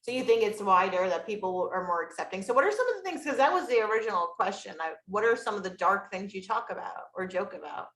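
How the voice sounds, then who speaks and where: A woman's voice: mid-range voice, lively intonation, fast, hardly any pauses, a bit bright, echoey room, poor audio. A woman hosting a casual podcast interview, pressing with probing follow-up questions. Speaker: podcast host.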